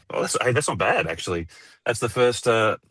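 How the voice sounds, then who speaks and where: A man's voice: mid-range voice, lively intonation, moderate pace, fairly bright tone, no room sound. An Australian man calling in to a sports talk show, chatting in a friendly, joking, laid-back way. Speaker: caller. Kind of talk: casual call-in chat.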